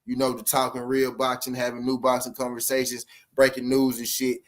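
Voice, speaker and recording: A man's voice: medium pitch, completely flat delivery, a little fast. A man hosting a boxing channel, ranting to his live-stream viewers in blunt, profane street slang full of repeated phrases. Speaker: boxing commentary channel host.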